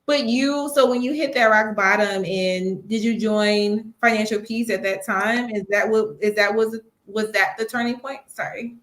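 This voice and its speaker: A woman's voice: medium pitch, fairly even intonation, normal speed, few pauses, fairly bright tone. A woman host of a live money show, asking follow-up questions in casual chat and encouraging her guest with short affirmations. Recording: echoey room.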